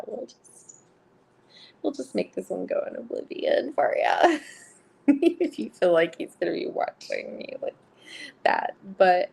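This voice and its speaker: A woman with a very gravelly, husky voice chats with her live-stream viewers while she reads cards. She talks at an unhurried pace, rambles through lots of filler words, and giggles often between her sentences. Her tone is dark and mellow. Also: mid-range voice. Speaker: live-stream card reader.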